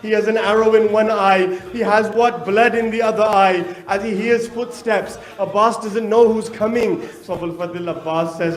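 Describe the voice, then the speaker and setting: A man's voice: sits high, steady tone, moderate pace, few pauses, echoey room, low-quality recording. A man narrating a mournful sermon, asking rhetorical questions and now and then slipping into a chanted lament. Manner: asks rhetorical questions and answers them. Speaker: preacher.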